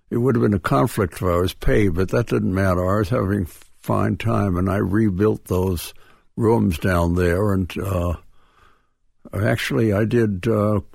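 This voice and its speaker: Gravelly older man with a Boston accent. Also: fairly low pitch, a little mellow, no echo, clean studio sound. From Dedham, Massachusetts. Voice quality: gravelly, husky. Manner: halting, with many restarts and chuckles. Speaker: guest. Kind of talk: reminiscing radio interview. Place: radio studio.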